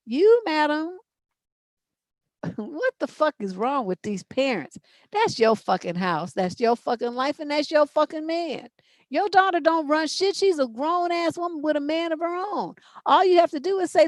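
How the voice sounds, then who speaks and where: A woman's voice: sits high, lively intonation, normal speed, no room sound. A middle-aged woman hosting a relationship advice show, giving blunt, profane, emphatic answers in unscripted chat.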